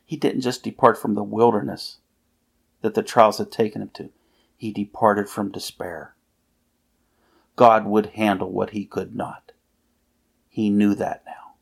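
A man delivers a sermon in a low, gravelly voice. He reads scripture with earnest emphasis, pausing on key phrases. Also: level tone. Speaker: preacher.

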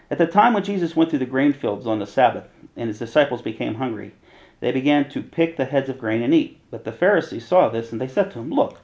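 A man teaching from the Bible in a relaxed, conversational way, reading passages aloud and paraphrasing them in everyday slang. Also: medium pitch, low-quality recording. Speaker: preacher.

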